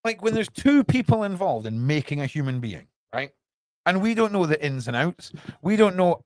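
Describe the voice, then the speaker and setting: A man's voice: high voice, sing-song, normal speed, no echo. A British man hosting a podcast from a small room at home, rambling through news commentary with lots of rhetorical questions. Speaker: podcast host.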